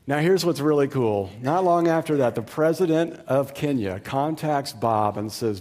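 A man's voice: mid-range voice, expressive, normal speed, few pauses, darkish tone, long reverb tail. A man preaching a sermon, telling a story in a conversational way with easygoing asides. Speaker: pastor.

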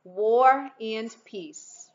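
A woman's voice: mid-range voice, expressive, dull audio, lightly acted. A woman voicing an impatient, breezy father in a read-aloud storybook. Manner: brisk, exasperated. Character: impatient breezy dad heading to work.

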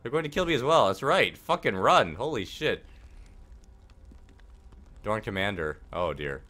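A man's voice: on the low side, sing-song, a little slow, sharp tone. A young man hosting a let's play, reading the game's text aloud and adding wry, casual asides. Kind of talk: casual gaming commentary.

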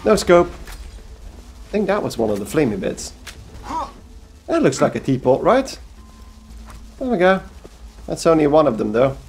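A man's voice: fairly high pitch, big pitch swings, measured pace, long pauses, darkish tone, a little hiss or hum. A man with a Belgian accent giving rambling, casual commentary over a video game, joking and talking to himself. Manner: rambling, talks to himself, jokey asides. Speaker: let's play host.

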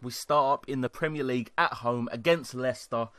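A young British man commentating live on his football video game, excitable and sweary, shouting when goals go in. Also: medium pitch, a little fast. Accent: British English. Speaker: gaming YouTuber.

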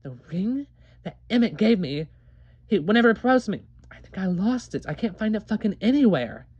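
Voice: medium pitch, very animated, fairly quick, darkish tone, husky, dry recording, dull audio. Marla, voiced as a frantic young woman. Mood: panicked. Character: frantic young woman who lost her engagement ring. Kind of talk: amateur animated drama voice acting.

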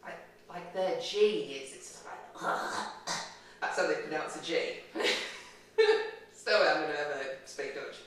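A woman's voice: deep voice, unhurried. A woman, a horse owner, chatting to camera outdoors on a farm, hesitant and self-deprecating with many ums. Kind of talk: casual talk to camera. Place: outdoors on a farm yard in cold weather. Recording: echoey and distant with faint noise.

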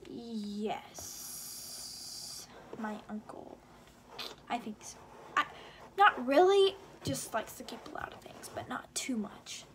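A woman's voice: on the high side, big pitch swings, slow, long pauses, noisy background. A young American woman from Indiana answering questions in a casual vlog, chatty and giggly with many fillers. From Indiana, USA. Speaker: vlogger.

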